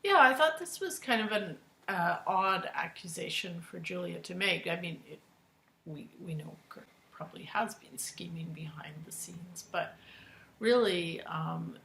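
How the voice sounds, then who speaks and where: Low gravelly woman giving commentary. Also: a bit bright, a little hiss or hum, poor audio. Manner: thoughtful, weighing in with opinions. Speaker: podcast co-host. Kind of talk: casual commentary.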